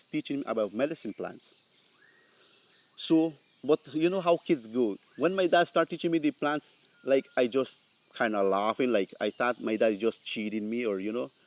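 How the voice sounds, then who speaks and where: A man, telling a traditional folk tale in an unhurried way, repeating words for emphasis. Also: a little high, a little mellow. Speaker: storyteller.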